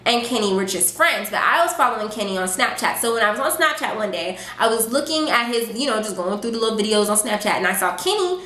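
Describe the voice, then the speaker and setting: Young woman rambling through a storytime, kinda high voice, echoey room. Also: fast, hardly any pauses. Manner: animated, chatty, lots of fillers and quoted asides. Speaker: vlogger. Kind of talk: casual storytime.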